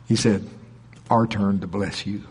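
A middle-aged man preaching, telling a story in an animated way and acting out quoted people with a raised voice. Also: fairly low pitch, measured pace, a little hiss or hum. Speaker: pastor. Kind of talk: sermon storytelling.

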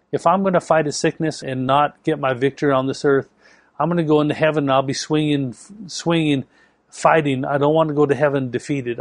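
A man's voice: mid-range voice, no echo. A man preaching a sermon, telling a story with emphatic delivery. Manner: storytelling with acted quotes, emphatic.

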